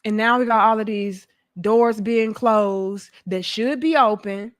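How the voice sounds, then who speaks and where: A young adult woman, delivering a profane, animated commentary rant and acting out mocking voices. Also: medium pitch, a little slow. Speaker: commentary host. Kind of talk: ranting commentary monologue.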